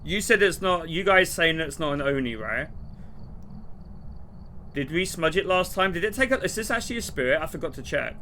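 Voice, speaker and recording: A young man streaming a game, rambling and laughing as he plays, now and then shouting. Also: fairly high pitch, expressive, a little fast, a little hiss or hum. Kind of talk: casual gameplay commentary.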